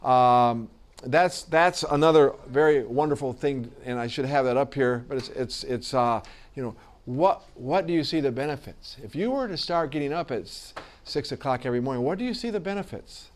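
A man teaching a class who talks haltingly, repeating words and fillers, then reads an article aloud in a classroom. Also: mid-range voice. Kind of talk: classroom lecture and reading aloud.

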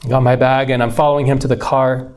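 A man telling his life story in a casual, heartfelt way. His voice sits at a middle pitch, and he rambles a little, circling back with fillers and restarts as he goes. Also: flat delivery, fast, a little mellow, smooth. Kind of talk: personal testimony storytelling.

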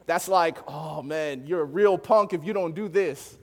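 Young man, preacher, animated storyteller, slightly higher voice, long hall echo. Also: measured pace. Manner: animated, laughs often, acts out voices in the story. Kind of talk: storytelling sermon.

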